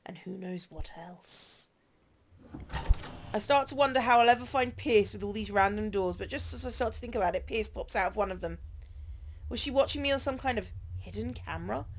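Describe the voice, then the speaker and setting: A woman's voice: fairly high pitch, quick pace, slight background noise. A woman hosting a let's-play, narrating a visual novel game and chatting in a giggly, self-deprecating way.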